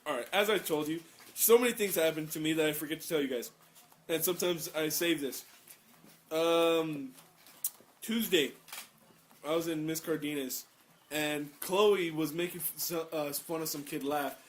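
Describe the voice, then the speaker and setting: A man's voice: a little high, moderate pace, slight background noise. A teenage young man casually telling crude school stories to friends, acting out what classmates said. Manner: crude, animated storyteller acting out classmates' lines. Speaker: podcast co-host. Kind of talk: casual chat, storytelling.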